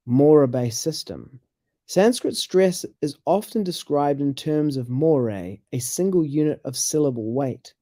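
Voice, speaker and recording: With a mid-range, mellow voice captured dry, this man co-hosts a scripture study show. He chats casually about how words are stressed and pronounced, reads explanations out loud, and reacts with curious, surprised exclamations.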